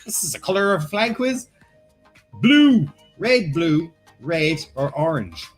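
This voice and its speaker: A man's voice: on the high side, sing-song, takes it slowly, faint music behind. Irish man hosting a live quiz. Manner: joking, reads questions aloud, banters. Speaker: quiz host.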